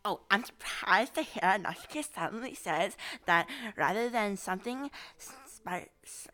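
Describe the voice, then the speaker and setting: A woman's voice: medium pitch, expressive, moderate pace, bright, forceful tone. A woman chatting and reading game text aloud in a casual let's play, tripping over words. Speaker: gamer.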